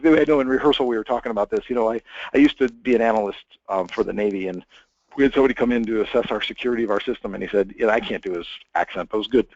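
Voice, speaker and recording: A man's voice: on the low side, rapid-fire, a little mellow, no echo, dull audio. A man giving a conversational technical webinar presentation, chatty, with many fillers and restarts.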